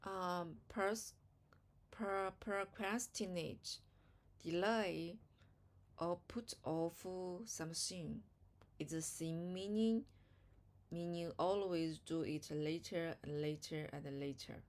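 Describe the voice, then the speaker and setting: Woman, Chinese native speaker, slow pace, hesitant, repeats words, English learner. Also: fairly low pitch, fairly even intonation, a little mellow. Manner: halting, repeats words, unsure of pronunciation. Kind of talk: vocabulary practice.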